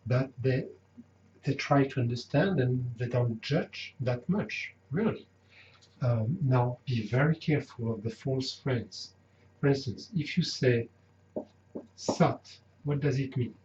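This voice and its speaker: Slow, patient male language teacher. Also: medium pitch, a little mellow. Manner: slow, careful, repeats words to drill pronunciation. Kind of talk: unscripted language lesson. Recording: roomy, dull lo-fi with faint noise.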